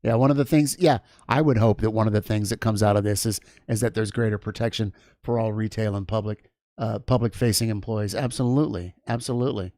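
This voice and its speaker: A man with a warm, lowish voice hosts a livestream and spins out a long, rambling tale full of restarts and side comments. He talks a little fast with fairly even intonation. The audio is clean studio sound without echo.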